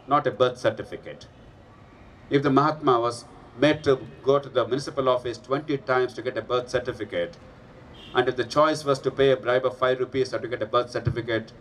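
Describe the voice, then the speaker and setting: A man's voice: medium pitch, a bit bright, a little hiss or hum. Distant man giving a speech. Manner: anecdotal, earnest, persuasive. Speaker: rally speaker. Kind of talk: public speech with storytelling. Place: public rally gathering. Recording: distant mic with faint ambience.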